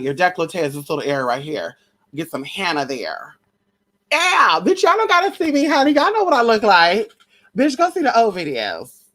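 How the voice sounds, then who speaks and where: A woman vlogger delivers a casual, profane gossip rant, brash and sassy, tossing out pet names and shout-outs. Now and then she mocks others by jumping into a shrill high voice.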